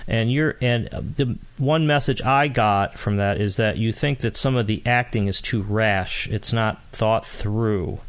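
A man's voice: fairly low pitch, unhurried, hardly any pauses. A man hosting an interview, asking long, rambling questions with frequent restarts. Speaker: interview host. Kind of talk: podcast interview.

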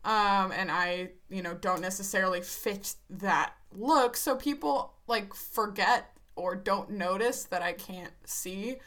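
A woman's voice: mid-range voice, slow pace, few pauses, a bit bright. A woman co-hosting a podcast, chatting frankly and laughing often. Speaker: podcast co-host. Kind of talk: casual chat.

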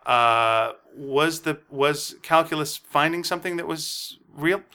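A man co-hosting a casual podcast with a bright, forward voice that sits a touch high. He reads a comic aloud between comments and turns animated when he argues a point. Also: unhurried, clear, resonant tone. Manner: animated, reads characters in silly voices, gets worked up. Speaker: podcast co-host.

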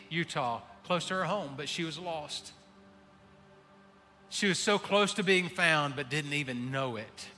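A man preaching a sermon, swinging between hushed pleading and impassioned calls. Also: a little high. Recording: reverberant hall with faint music. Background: faint music.

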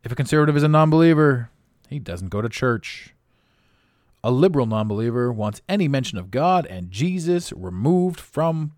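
Man, podcast host, casual monologue, rambling, self-amused, lively pitch, dry sound. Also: dry recording. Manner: animated pitch swings.

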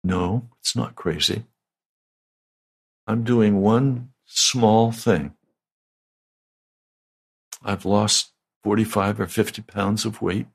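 An older man, a pastor, giving a slow, deliberate, conversational sermon. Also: lowish voice, steady tone, gravelly, breathy edge.

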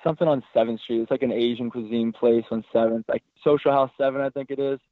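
A man's voice worn hoarse and raspy from yelling, relaxed and rambling. He is heard over a thin, phone-like line with a dry, close sound. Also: medium pitch, fast talker, no room sound. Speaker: goalkeeper guest. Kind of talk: casual interview.

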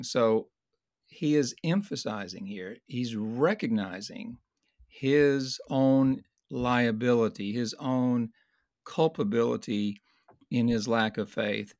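A man teaching in a conversational Bible study discussion, earnest and explanatory, slowing down to stress key points. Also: medium pitch, gravelly, a little mellow, no room sound, studio quality.

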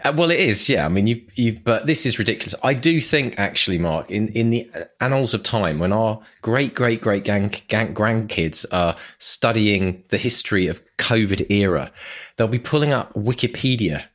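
A man co-hosting a writing podcast, chatting in an animated, teasing way. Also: on the low side, normal speed. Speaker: podcast co-host. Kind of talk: casual podcast chat.

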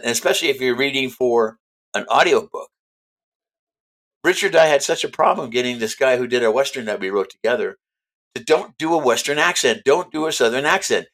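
A man in an interview who talks at an even middle pitch. He is chatty and emphatic and keeps circling back to restate his points. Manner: chatty, emphatic, repeats himself. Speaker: author guest. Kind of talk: casual interview chat.

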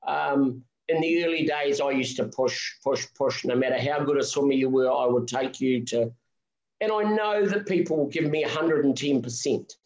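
A man's voice: medium pitch, normal speed, roomy sound, lo-fi sound. A middle-aged man, a marathon swimming guest telling an emotional story in a podcast interview. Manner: animated, emotional storytelling with restarts.

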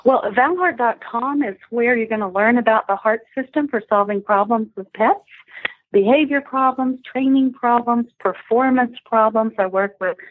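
A woman's voice: on the high side, normal speed, no echo. A woman guest telling animal stories with enthusiasm on a podcast, heard over a phone line. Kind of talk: storytelling interview guest. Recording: husky tinny phone line, dry.

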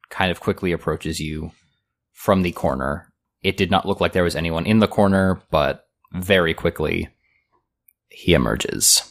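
Man, game master, very low voice, slow, descriptive tabletop narration. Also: gravelly, fairly bright tone.

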